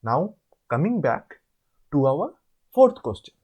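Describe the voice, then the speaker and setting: Man, Indian English accent, tutor, husky, slightly high, explains step by step. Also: big pitch swings, darkish tone. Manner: explains step by step, repeats words slowly, asks rhetorical questions. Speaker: online course tutor. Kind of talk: assignment walkthrough lesson.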